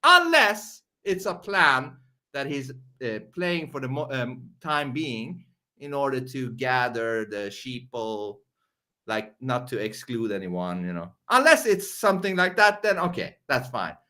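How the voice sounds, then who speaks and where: A man's voice: medium pitch, big pitch swings, unhurried, pushed and bright. A man with a foreign accent hosting a live reaction stream, rambling and swearing, often restarting his words. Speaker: show host.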